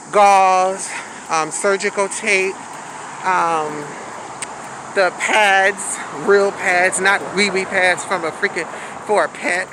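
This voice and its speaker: A woman's voice: mid-range voice, a bit bright, a little hiss or hum, low-quality recording. A woman telling a candid, sassy storytime in a casual vlog, recorded outdoors on a city street with a handheld phone. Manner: candid, sassy, says "honey" and "baby". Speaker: vlogger.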